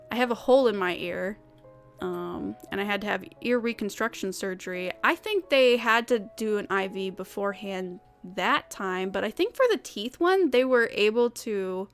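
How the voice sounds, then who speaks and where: A young woman with a slightly high, fairly bright voice chats casually while livestreaming a cleaning game. She rambles, stumbles over her words, and laughs a lot.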